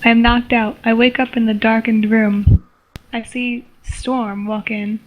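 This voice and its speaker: A young woman reading her homemade story aloud in a flat, stumbling way. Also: on the high side, measured pace, low-quality recording. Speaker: story reader.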